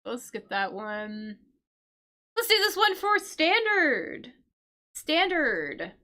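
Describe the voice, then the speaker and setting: A woman's voice: high-pitched, very animated, takes it slowly, sharp tone. A woman teaching English vocabulary on a live stream, explaining words patiently, checking in with "right?" and answering her chat.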